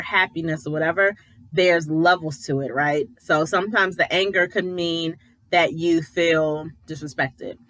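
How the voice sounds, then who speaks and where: A woman's voice: fairly low pitch, a bit bright, rough recording. A woman giving a casual, opinionated recap of a reality show, retelling scenes and quoting people as she goes. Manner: chatty, opinionated, retells scenes with quoted voices. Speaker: editor.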